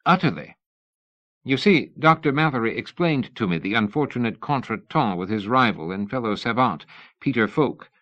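A man reading a suave, cordial Victorian gentleman journalist with a polite, genteel manner. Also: medium pitch, lively intonation, moderate pace, lo-fi sound, close to an everyday voice. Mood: courteous. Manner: polite, genteel, feigning innocence.

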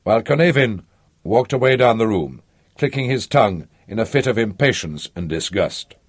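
A man narrating a literary audiobook in a measured, expressive way. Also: on the low side, husky, dry recording.

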